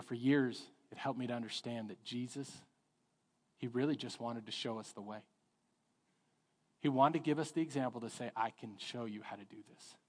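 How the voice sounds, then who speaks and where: Animated middle-aged pastor in a reverberant hall. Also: male voice, medium pitch. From Texas. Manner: animated storytelling, acting out voices. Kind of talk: sermon. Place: church sanctuary. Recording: long reverb of a church hall.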